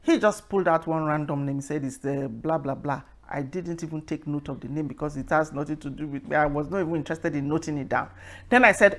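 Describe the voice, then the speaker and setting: A woman hosting her own talk show, telling a story by acting out a phone call, then preaching and reading scripture slowly and with emphasis. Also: deep voice. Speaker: host. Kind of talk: casual talk with a sermon-like close.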